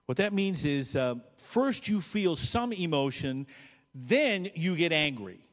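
Male pastor, fairly high voice, lively animated preaching that jumps between loud and soft, big hall echo. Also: slow. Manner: animated preaching, swinging from loud bursts to quiet asides. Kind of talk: sermon. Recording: long hall reverb.

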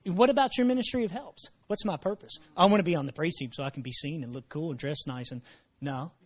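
A pastor preaches quickly, repeating his phrases and slipping in exclamations of praise, shifting between low murmurs and shouted emphasis.

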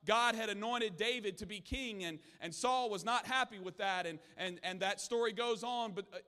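A man's voice: high voice, normal speed, bright, forceful tone, in a large hall. A man preaching a sermon in a church, telling stories earnestly with frequent restarts. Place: church sanctuary.

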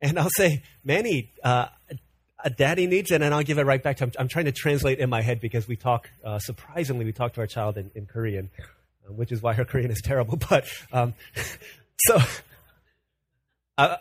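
A man's voice: medium pitch, a little fast, husky. A man in his thirties, a pastor preaching an earnest, conversational sermon full of personal stories.

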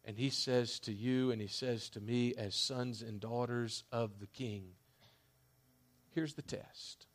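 A man preaching a sermon as a pastor, emphatic, with loud declarations that drop to hushed asides. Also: medium pitch, level tone, measured pace, hardly any pauses.

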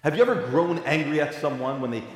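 A male pastor delivering a sermon, moving between quiet, reflective passages and loud, emphatic preaching. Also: on the high side, expressive, quick pace. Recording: echoey hall with long reverb.

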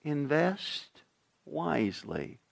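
A man preaching a sermon as pastor, swinging from quiet intensity to loud emphasis and putting questions to his congregation. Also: a little high, sing-song, extremely slow, creaky. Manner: dramatic shifts in volume, acting out voices.

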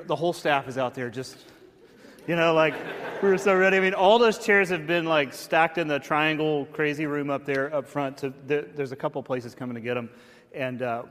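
Pastor, male, storytelling announcements, self-deprecating humor, slightly raised pitch, long reverb. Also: fairly bright tone, a little hiss or hum. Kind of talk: casual church announcements with storytelling. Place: church sanctuary.

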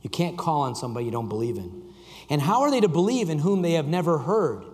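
A man preaching a sermon to a congregation, reading scripture and joking with the room, shifting from loud emphasis to quiet intensity. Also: a little high, big pitch swings, fast talker. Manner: reads scripture aloud and jokes with the congregation. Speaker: pastor. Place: church sanctuary. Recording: long reverb of a large hall.

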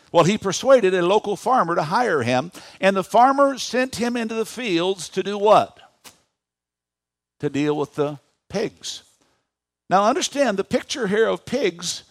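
A man in his fifties preaching a sermon in a church, animated, asking the congregation questions. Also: high voice, dry recording, clean studio sound. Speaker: pastor.

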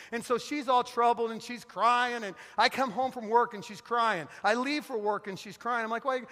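A middle-aged man preaching in a church, telling funny stories in an animated, joking way. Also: extremely high pitch, normal speed, in a large hall. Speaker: guest pastor. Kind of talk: sermon with storytelling. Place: church sanctuary.

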